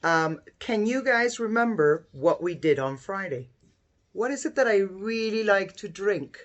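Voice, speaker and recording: A woman teacher giving a phonics lesson to young children, sounding out letters slowly and clearly with encouraging praise. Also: mid-range voice, animated.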